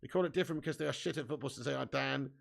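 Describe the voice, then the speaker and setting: A man hosting a live football watch-along, excitably commentating and reading out viewer comments with casual swearing. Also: medium pitch, racing, gravelly.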